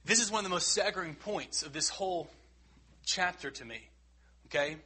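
A man preaching a sermon in an earnest, emphatic way, rising loud and dropping quiet. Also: sits high, moderate pace, husky.

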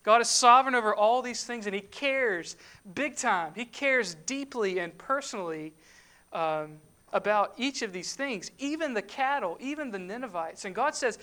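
A woman's voice: a little high, lively intonation, moderate pace, sharp tone. A woman giving a sermon, conversational, with rhetorical questions and emphatic asides. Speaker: preacher.

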